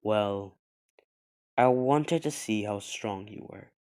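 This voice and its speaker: A man doing a calm old sword master. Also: on the low side, slow pace, smooth.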